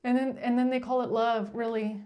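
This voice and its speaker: A woman's voice: fairly high pitch, level tone, a little fast, darkish tone. A woman giving a casual tarot reading, speaking bluntly and with exasperation, swearing freely and rambling through restarts. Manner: rambling, with frequent restarts and filler "like". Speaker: tarot reader.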